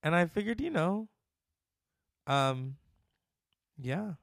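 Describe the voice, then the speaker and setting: Slow, profane man in his forties. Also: high-pitched, animated, fairly bright tone. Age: 40s. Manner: loose, profane, self-mocking. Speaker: podcast host. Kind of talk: casual solo podcast monologue.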